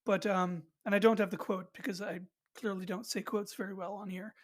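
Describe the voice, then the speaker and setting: A woman hosts a casual podcast conversation. She rambles through her points with frequent fillers and restarts, at a middle pitch. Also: fairly even intonation, brisk. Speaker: podcast host. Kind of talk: casual chat.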